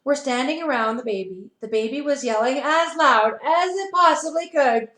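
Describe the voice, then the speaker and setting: A woman playschool teacher reads a picture book to children over a video call, stopping for animated asides. Her voice is high and sounds roomy and echoey. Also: normal speed.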